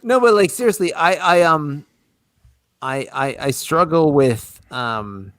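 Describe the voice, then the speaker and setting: A man's voice: fairly high pitch, expressive, takes it slowly, fairly bright tone, no room sound. A man and small business owner in casual podcast chat, rambling with many restarts and self-corrections.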